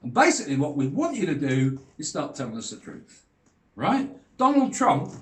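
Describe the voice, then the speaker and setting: A man's voice: a little high, reverberant. An older British man delivering a blunt, sweary, heated rant straight to camera. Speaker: vlogger. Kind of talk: ranting monologue.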